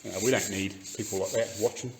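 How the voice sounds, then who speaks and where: Talking fast in a lowish, steady voice, a man with a New Zealand accent rants casually in his garage workshop as he works. The car restoration YouTuber laughs often and swears freely, and background noise is audible.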